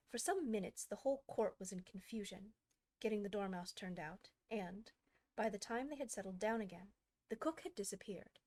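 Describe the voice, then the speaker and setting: A woman's voice: mid-range voice, moderate pace, a little mellow. Woman reading a classic storybook aloud. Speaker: audiobook narrator, host.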